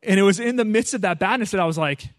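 A man preaching in a conversational, animated way, often asking the audience "right?" and "you know". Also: sits high, fast talker, no echo, clean studio sound. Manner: animated, acts out his own prayers with rising intensity. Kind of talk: conversational sermon.

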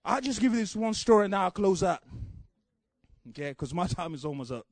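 A man from Africa preaches with a strikingly high voice and fervent, rising delivery. He builds repeated refrains into near shouts, then eases down to a quieter storytelling tone. The recording is dry and close. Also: big pitch swings, fairly quick, no room sound. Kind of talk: sermon.

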